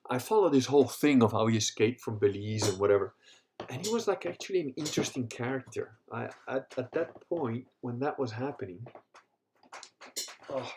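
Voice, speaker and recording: A man's voice: medium pitch, expressive, normal speed, darkish tone, a little hiss or hum. A man hosting a casual livestream, rambling and swearing, tired from a long day on his feet. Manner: rambling, swears, laughs often. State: tired, leg cramps. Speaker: podcast host.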